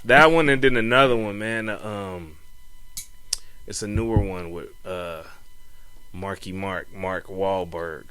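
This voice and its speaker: Young male podcast co-host, bright tone, easygoing slangy storyteller. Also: sits low, unhurried, clear, resonant tone. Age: young adult. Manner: laid-back slangy storytelling, says "man" and "you know what I'm saying" often. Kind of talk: casual chat.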